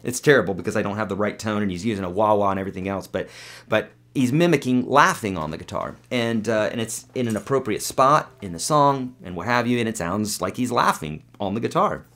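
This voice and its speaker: A man with a fairly low voice teaches guitar on a live webcast. He talks in a relaxed, rambling way, picking up viewer questions and answering them on the spot with plenty of filler words. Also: fairly quick. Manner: chatty, loose, answers viewer comments with fillers and demos.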